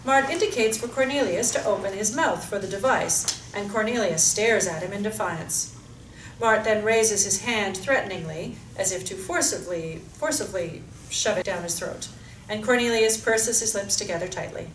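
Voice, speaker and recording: A woman reading stage directions aloud in an even, descriptive way. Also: medium pitch, normal speed. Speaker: narrator. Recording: echoey room, mic far off, faint hiss.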